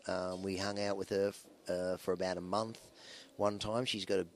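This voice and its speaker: Male rock musician, very low voice, loose anecdotal interview talk full of fillers. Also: little pitch movement, moderate pace, slight background noise. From Australia. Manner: rambling, anecdotal, with many fillers and restarts. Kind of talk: casual interview storytelling.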